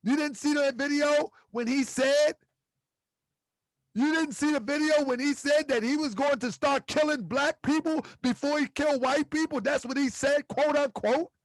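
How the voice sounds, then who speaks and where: High-voiced man preaching to his chat. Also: normal speed, no echo, studio quality. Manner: preachy, rhetorical questions, repeats phrases. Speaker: host. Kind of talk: livestream commentary to chat.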